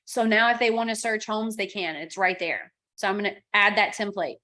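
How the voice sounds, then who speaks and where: A middle-aged woman coaching real estate agents through software on a screen recording. She narrates every click in a plain mid-range voice, moving from one step to the next and now and then acting out the texts a client might send. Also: medium pitch, fairly even intonation, brisk. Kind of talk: screen-share software tutorial.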